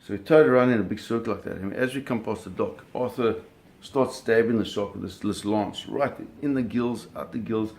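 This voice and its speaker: Male storyteller, low and gravelly; casual, vivid, swears easily. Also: a little fast, darkish tone. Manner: vivid, swears casually, acts out sounds and scenes. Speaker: storyteller recounting a personal experience.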